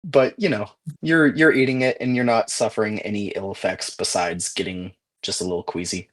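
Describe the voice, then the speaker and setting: A man running a tabletop game as game master, describing events slowly with many pauses and fillers. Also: on the low side, fairly even intonation, a bit bright. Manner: slow, halting, many fillers.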